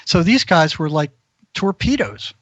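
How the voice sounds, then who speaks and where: A man's voice: on the high side, big pitch swings, unhurried, a bit bright, no room sound, muffled recording. A man, a mental health practitioner, telling rambling prison anecdotes as an interview guest. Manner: rambling storyteller who acts out quoted voices.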